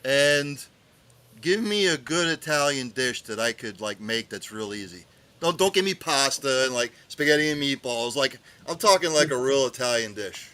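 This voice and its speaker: Lively bright-voiced co-host. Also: male voice, medium pitch, normal speed. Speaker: podcast co-host. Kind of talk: casual podcast chat.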